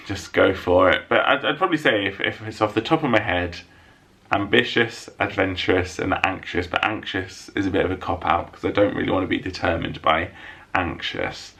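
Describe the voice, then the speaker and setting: A man with a low, gravelly voice chats casually to his camera from a room at home. He answers viewer questions with a light, self-mocking humour. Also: bright, forceful tone. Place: room at home lit by a window.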